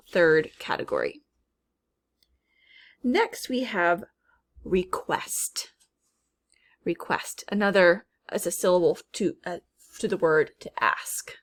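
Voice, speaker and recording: Slow, careful woman teacher sounding out words. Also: on the low side. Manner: slow, careful, repeats and sounds out each word. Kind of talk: recorded spelling lesson.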